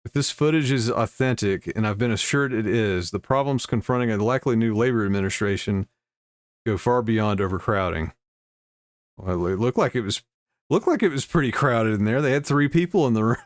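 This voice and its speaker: A man's voice: medium pitch, brisk, dry recording. A man on a livestream, casually reading news stories aloud and breaking off with laughing asides to his chat.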